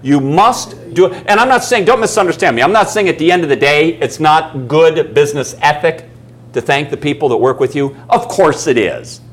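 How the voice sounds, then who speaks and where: A man's voice: fairly high pitch, lively intonation, normal speed. A man giving a live coaching seminar, who keeps asking the room questions and acts out little stories. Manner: emphatic, asks the audience questions and acts out stories. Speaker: business coaching speaker. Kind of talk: live seminar talk to an audience.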